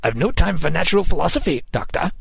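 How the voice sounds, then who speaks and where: A man's voice: fairly high pitch, animated, quick pace, gravelly, husky, dry recording, pitched above the performer's own voice, full character voice. A commanding sea captain , as a storyteller puts him on, barking orders in a raised, strained voice. He is brusque and impatient, with a dry, close sound. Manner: shouted orders.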